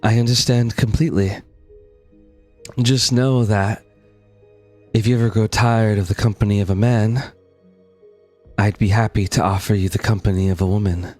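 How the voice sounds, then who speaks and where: A man's voice: fairly low pitch, fairly even intonation, moderate pace, long pauses, a little mellow, soft background music, natural voice. A man voicing Gravo, a flirtatious woman. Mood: wistful.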